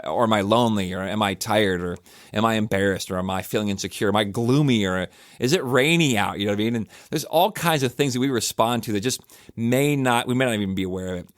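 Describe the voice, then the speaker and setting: Middle-aged male pastor, low voice, chatty and animated, dry close mic. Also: fast talker, no room sound. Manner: conversational, animated, frequent fillers and restarts. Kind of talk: casual podcast reflection.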